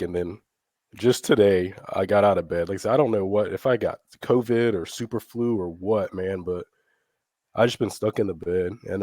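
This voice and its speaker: A man co-hosting a motorcycle talk show, his voice raspy from getting over a flu, chatting in a laid-back, rambling way. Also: fairly low pitch, a little mellow, dry recording, studio quality. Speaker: podcast co-host. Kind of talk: casual chat.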